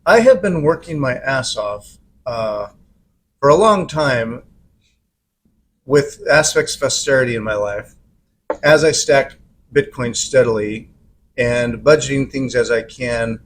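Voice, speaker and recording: A man's voice: mid-range voice, measured pace, pauses often. Hesitant man musing aloud. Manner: hesitant, self-searching. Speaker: podcast host. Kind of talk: casual chat.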